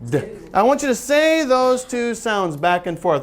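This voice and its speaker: A man teaches a room of listeners in a phonics seminar, his pitch rising and falling in a lively way. He keeps asking them questions and sounds out letters slowly and deliberately. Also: slight background noise. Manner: quizzing the audience with call-and-response questions; models sounds slowly and carefully. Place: seminar room with a live audience.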